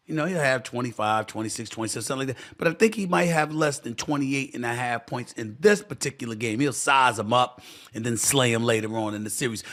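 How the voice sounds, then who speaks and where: A man's voice: medium pitch, a little fast, fairly bright tone. Man, sports talk host, emphatic, repeats lines for effect, talks to listeners directly, solo commentary. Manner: addresses listeners as y'all.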